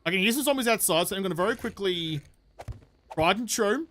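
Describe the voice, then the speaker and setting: High-voiced Australian man, rambling streamer chat. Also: animated, brisk, a bit bright, a little hiss or hum. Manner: chatty, rambling and jokey, with slang and swearing. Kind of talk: casual live-stream chat.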